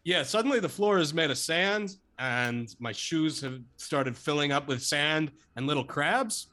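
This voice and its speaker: A man playing a tabletop role-playing game, answering in character in a deadpan, hesitant way. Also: on the high side, a little slow. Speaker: player. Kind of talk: casual tabletop role-play.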